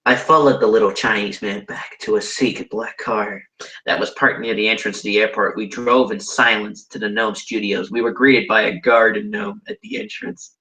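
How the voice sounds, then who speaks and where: A man's voice: on the low side, fairly even intonation, moderate pace, pushed and bright, reverberant, rough recording. A young Australian man reading fan fiction aloud for comedy, stumbling over words and cutting in with horrified asides.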